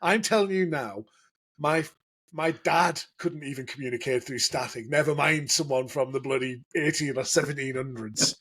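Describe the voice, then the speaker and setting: A man's voice: medium pitch, normal speed, fairly bright tone, husky. A man co-hosting a podcast, chatting casually and joking, laughing often. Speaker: podcast co-host. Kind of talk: casual chat.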